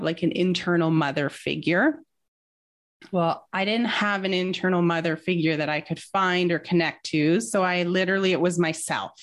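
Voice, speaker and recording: A woman talking as a guest in a casual interview, telling a personal story in an earnest, reflective way. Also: fairly low pitch.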